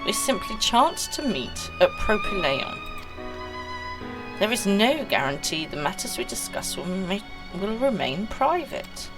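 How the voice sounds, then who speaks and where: A woman reading out the lines of a calm, formal male scholar in a measured way. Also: fairly high pitch, music in the background, pitched above the performer's own voice, exaggerated voice, poor audio. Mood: composed.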